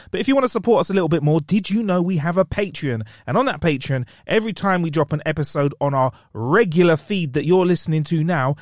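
A man's voice: high-pitched, dry recording, clean studio sound. A man co-hosting a comedy podcast, joking around in a casual chat and laughing often. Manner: jokey, animated, laughs often. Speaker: podcast co-host.

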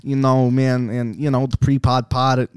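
A man's voice: mid-range voice, level tone, moderate pace, smooth, no room sound, clean studio sound. A young man co-hosting a casual podcast, jokey and loose, often laughing and swearing. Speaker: podcast co-host. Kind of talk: casual chat.

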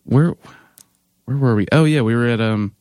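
A man's voice: mid-range voice, normal speed, a little mellow, no room sound. A man in his thirties, a band member, telling stories in casual chat, laughing often and acting out other people's lines. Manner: laughs often, acts out quoted people in a raised voice.

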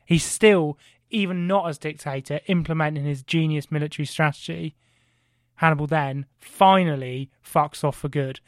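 Excitable, sweary podcast storyteller. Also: male voice, fairly high pitch, smooth, no echo, clean studio sound. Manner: excitable, heavy swearing, rhetorical questions. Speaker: podcast co-host. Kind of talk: animated comic history storytelling.

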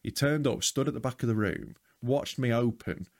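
A young comedian with an easygoing, rambling delivery, peppered with "like" and "mate". His voice sits at an everyday middle pitch. He sounds like a relaxed podcast co-host chatting with a friend. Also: normal speed. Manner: laid-back, rambling, lots of "like" and "mate". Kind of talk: casual chat.

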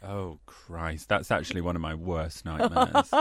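A man's voice: deep voice, wildly swooping pitch, unhurried, fairly bright tone, no room sound, studio quality. A young man co-hosting a podcast, camp and playful, full of theatrical asides. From north of England. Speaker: podcast co-host. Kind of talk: casual comedic chat.

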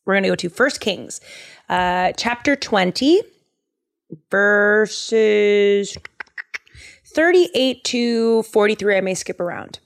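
Chatty woman retelling bible stuff, jokey, lots of uh and like, middle pitch. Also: gravelly. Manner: chatty, joking, many fillers. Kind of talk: casual bible storytelling.

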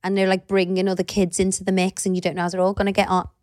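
Woman, 30s, casual podcast chat, animated, mid-pitched, dry sound. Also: very fast, dry recording. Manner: chatty, animated, swears casually. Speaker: podcast co-host.

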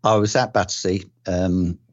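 A very deep-voiced older man from England talks through his years as a detective, pausing on ums and restarting his sentences. He keeps a dry sense of humour throughout. The recording is dull and lo-fi with a dry, close sound. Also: steady tone, no room sound. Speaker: retired police detective. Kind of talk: relaxed oral-history recollection.

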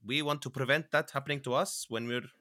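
A man playing a tabletop game, playful and quick to joke. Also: mid-range voice, steady tone, bright, forceful tone. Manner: playful, laughing, earnest in-character bits. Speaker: player. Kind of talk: casual chat.

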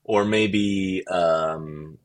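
A man's voice: deep voice, very slow. A man chatting as a podcast guest, casual and hesitant, and reading a lead role in a comedic script read-through. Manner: casual, hesitant, lots of fillers when chatting.

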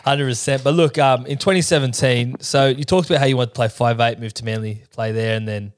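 A man's voice: mid-range voice, fairly even intonation, brisk, no room sound. Easygoing man, dry close sound. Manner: chatty, easygoing, laughs along. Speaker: podcast host. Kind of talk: casual interview chat.

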